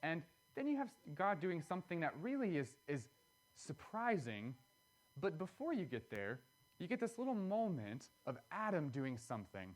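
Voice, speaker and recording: A man's voice: a little high, sing-song, normal speed. A man preaching a sermon, earnest and explanatory, pressing key words with emphatic rises.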